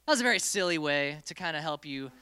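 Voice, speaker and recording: A youth group leader running a playful hands-on lesson, directing volunteers around a room. The voice is bright and clear and swings widely in pitch. The sound is close and dry, with little room echo. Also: fast. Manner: playful, animated, giving stage directions to volunteers. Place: indoor meeting room with a group.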